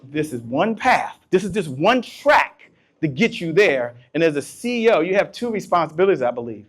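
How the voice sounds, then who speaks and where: Guy firing up a crowd at a business keynote, bit high voice, loud bursts then quiet bits. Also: moderate pace. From Washington, D.C. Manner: animated call-and-response with crowd; swings from soft to loud bursts. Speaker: keynote speaker. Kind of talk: motivational keynote to live audience.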